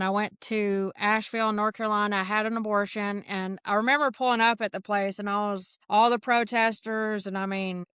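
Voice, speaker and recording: A woman's voice: mid-range voice, sharp tone, clear, resonant tone, no echo, clean studio sound. A woman, giving a frank, emotional personal testimony as a podcast guest and acting out the lines people said to her. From north Georgia, USA. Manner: frank storytelling, acting out quoted dialogue; emotional, earnest.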